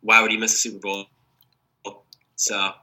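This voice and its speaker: A young man with a very bright, sharp voice, a little sick, co-hosting a casual sports podcast. He rambles and restarts his sentences, piling on "like". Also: fairly low pitch, monotone, normal speed. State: sick, may cough. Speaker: podcast co-host.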